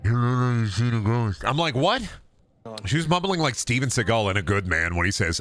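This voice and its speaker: A man streams a game with casual commentary, rambling through sarcastic, profane riffs and dropping into goofy voices for bits. His medium-pitched voice swings widely in pitch, fairly quick and a bit bright.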